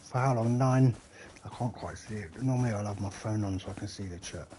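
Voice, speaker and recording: A man's voice: lowish voice, fairly quick, warm tone, slight background noise. Chatty, cussing streamer man. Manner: rambling and chatty, swears freely, talks to the chat. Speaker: live streamer. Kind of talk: casual chat while gaming on a live stream.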